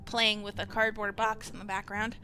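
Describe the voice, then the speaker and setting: A woman's voice: mid-range voice, level tone, normal speed, pushed and bright. A woman hosting a let's-play from home, chatting casually and thinking aloud as she reads the game. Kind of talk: casual game commentary and reading. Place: home with cats nearby. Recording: game music in the background.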